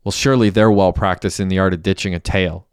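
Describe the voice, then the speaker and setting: A man's voice: low voice, steady tone, quick pace, clear, resonant tone, no room sound, clean studio sound, close to an everyday voice. A man reading a tense young getaway driver. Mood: wary. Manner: terse, swearing under pressure. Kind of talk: audiobook character reading.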